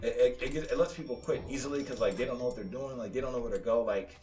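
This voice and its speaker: A man's voice: mid-range voice, quick pace, a little mellow. A young man casually commenting on his own gameplay, rambling with lots of "like" and "dude" and stammered repeats. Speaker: gaming YouTuber. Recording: roomy, slightly distant mic with faint game music.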